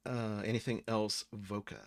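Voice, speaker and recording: A man narrating as game master in a casual, halting way with many fillers. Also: fairly low pitch, little pitch movement, no echo.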